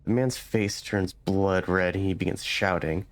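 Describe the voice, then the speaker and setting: A man's voice: low voice, fairly even intonation, unhurried. A man hosting a let's play, reading game text aloud unhurriedly, with hesitant fillers between passages.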